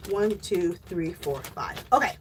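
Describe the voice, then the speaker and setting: An American woman hosting a casual yarn giveaway livestream, chatty and loudly exclamatory as she talks to her viewers. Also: lowish voice, animated, a little slow, background noise. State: coughing and teary after choking on water. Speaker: livestream host giving away yarn.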